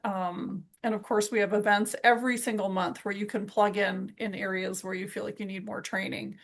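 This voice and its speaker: A woman's voice: mid-range voice, little pitch movement, moderate pace, gravelly. A woman leading a weekly sales team call, upbeat and encouraging as she recaps a coaching session. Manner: enthusiastic, encouraging.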